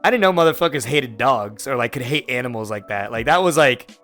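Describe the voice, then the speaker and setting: A man's voice: medium pitch, expressive, brisk, a bit bright, faint music behind. A man in his twenties from Florida hosting a podcast, telling a long, rambling story full of swearing and fillers. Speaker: podcast host. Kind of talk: casual chat.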